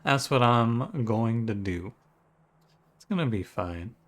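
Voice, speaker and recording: A gaming YouTuber with a Michigan accent opens a let's-play video for his channel, chatting casually and thinking out loud. His mid-range voice is animated and slow-paced, with a little hiss or hum on the audio.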